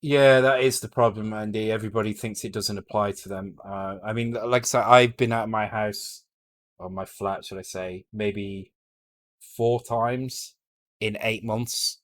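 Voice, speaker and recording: A lowish, fairly even British man's voice at a measured pace comes from a home live stream where he's coding a retro game. Thinking out loud, he's blunt and sweary, frequently breaking off and restarting what he's saying.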